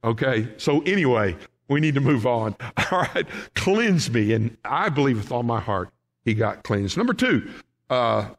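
A middle-aged man, a pastor giving a Bible study sermon in a chatty way, laughing often and checking in with his listeners. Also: on the high side. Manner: chatty, laughs often, keeps asking "okay?".

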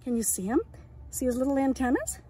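A woman leading an outdoor lesson for young children, talking gently in a sing-song way, as if to friends. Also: high voice, expressive, a little fast, slightly rough. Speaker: early years educator. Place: outdoors in a yard and woods.

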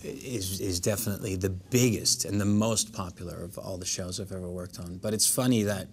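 Thirties actor guest, general American accent learned from a coach, lower pitch, restarts often. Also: male voice, fairly even intonation, slight background noise. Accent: general American, trained. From Netherlands. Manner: thoughtful, halting, many restarts. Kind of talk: interview conversation.

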